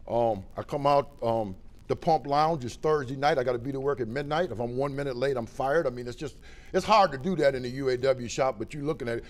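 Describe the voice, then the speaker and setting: A middle-aged man from Ohio, giving a plain-spoken personal testimony at a recovery meeting, swinging between loud and quiet. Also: medium pitch. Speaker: recovery speaker.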